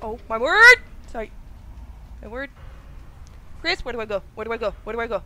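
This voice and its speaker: A woman playing a horror game calls out in a panicky voice, repeating the same words again and again. Clear background noise runs under her voice. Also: a little high, very animated, very fast, pushed and bright. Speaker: game player, host's sister. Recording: noisy background.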